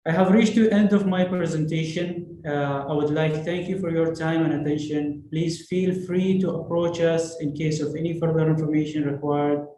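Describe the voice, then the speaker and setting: Man, conference presenter, somewhat high, dark tone, list-like delivery with fillers; echoey hall. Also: steady tone, moderate pace, few pauses. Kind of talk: business presentation. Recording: echoey room, faint noise.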